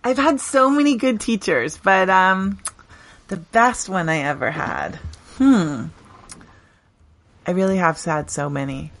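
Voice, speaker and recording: A middle-aged woman, a teacher talking earnestly and warmly about her work in an interview, laughing often. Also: medium pitch, expressive, takes it slowly, vocal fry, long pauses, dry recording. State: briefly tearful. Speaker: teacher, podcast guest. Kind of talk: conversational interview.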